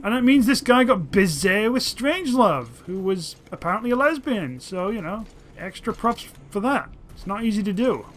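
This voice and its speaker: Brief: high-pitched male let's-player, excitable, swears a lot, chatty play-by-play. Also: normal speed, slight background noise. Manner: excitable, profane, talks to his dog companion. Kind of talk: casual gameplay commentary.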